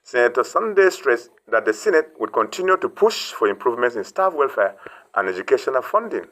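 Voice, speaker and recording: A man's voice: mid-range voice, very animated, a little fast, fairly bright tone, poor audio. A man delivering a scripted news report as correspondent in a formal way.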